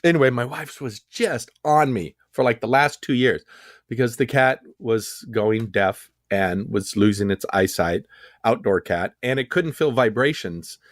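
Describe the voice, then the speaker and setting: Podcast co-host, man, mid-pitch, sarcastic storyteller, dry close sound. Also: a little slow, no echo. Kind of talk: casual chat.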